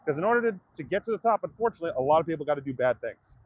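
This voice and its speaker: A man's voice: on the high side, lively intonation, rapid-fire, highs cut off. A man livestreaming outdoors, ranting to his viewers in a profane, direct way. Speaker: comedian livestreamer. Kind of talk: livestream rant to chat.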